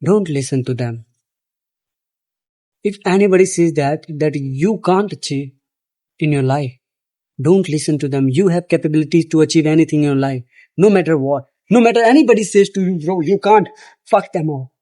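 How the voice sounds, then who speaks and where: A man's voice: on the high side, moderate pace, dark tone. A man giving a blunt, profane motivational monologue, repeating phrases for emphasis. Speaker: motivational speaker.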